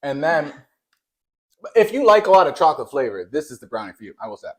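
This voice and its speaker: In a casual on-camera food review, a young man taste-tests and hands down playful, mock-serious verdicts. He talks fast, hesitating with frequent fillers while his pitch jumps lively up and down.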